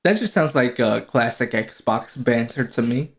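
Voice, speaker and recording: Brief: young male podcast co-host, mid-pitched, playful questioning banter. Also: a little slow. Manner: teasing, asks lots of questions. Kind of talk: casual chat.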